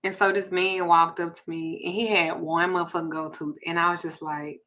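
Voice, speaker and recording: A woman with a Southern US accent hosting a casual livestream, telling a story and reading viewer comments in a blunt, profane, animated way. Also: fairly low pitch, a little fast. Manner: blunt, profane, animated, with sudden loud jumps.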